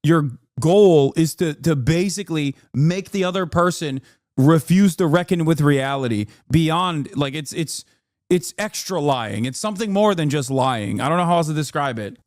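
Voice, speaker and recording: A man in his thirties reacting on a live stream, ranting with exasperation and a lot of cursing. His voice sits a little high for a man and leaps higher still when he gets heated. The sound is dry and close, with no room around it. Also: moderate pace, darkish tone, no echo. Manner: exasperated, profane ranting with sudden pitch jumps. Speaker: political streamer.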